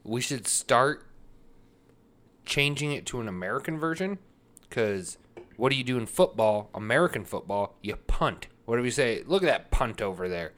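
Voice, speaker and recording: A man's voice: medium pitch, animated, moderate pace, a bit bright. A man co-hosting a podcast, joking and laughing through crude casual chat. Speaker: podcast co-host.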